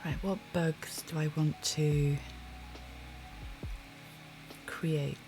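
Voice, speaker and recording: Sleepy, slow-talking woman streamer. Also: deep voice, steady tone, soft background music. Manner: quiet musing to herself and chatting to viewers. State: sleepy, yawning. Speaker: digital artist streaming her drawing. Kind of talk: live-stream drawing commentary.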